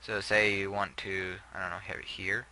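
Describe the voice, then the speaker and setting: Low, sharp-toned rambling young man. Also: flat delivery, normal speed, slight background noise, low-quality recording. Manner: rambling, self-deprecating, trails off often. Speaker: gameplay video host. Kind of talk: casual gameplay commentary.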